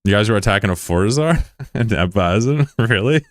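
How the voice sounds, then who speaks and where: Deep-voiced sarcastic young man streaming. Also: expressive, normal speed, dry recording. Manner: joking, sarcastic, rambling. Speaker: game streamer. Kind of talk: casual livestream chat.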